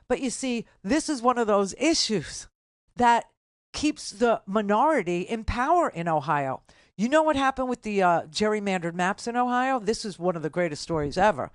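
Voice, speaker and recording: A woman's voice: lowish voice, animated, no echo, clean studio sound. An older woman hosting a political talk radio show, delivering an indignant, sarcastic monologue. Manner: indignant, sarcastic, rapid asides.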